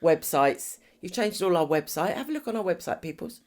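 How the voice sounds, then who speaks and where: A woman's voice: lowish voice, sing-song, fairly quick, a little mellow. A middle-aged woman co-hosting a podcast in casual chat, teasing and laughing often. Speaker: podcast co-host.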